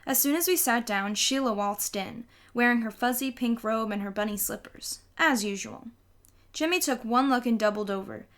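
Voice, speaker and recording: A woman reading a children's novel aloud in a lively storytelling way. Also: on the high side, moderate pace. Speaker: audiobook reader.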